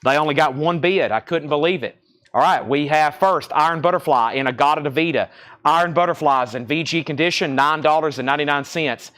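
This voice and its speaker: A man with a Southern US accent auctions off records on a live stream from a record shop, calling out titles, conditions and prices. His voice is a little high and a bit bright, and he talks fairly quickly.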